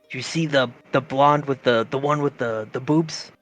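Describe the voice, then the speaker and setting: Man voicing a brash flirty adventurer, blunt, stumbling, mid pitch, faint music. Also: normal speed, fairly bright tone, lightly acted. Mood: teasing.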